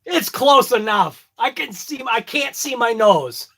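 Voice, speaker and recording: Chatty Boston man, slow and high. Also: lively intonation, fairly bright tone, slightly rough. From Boston area. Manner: rambling, jokey, self-mocking. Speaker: vlogger. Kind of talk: casual morning check-in chat. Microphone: phone camera.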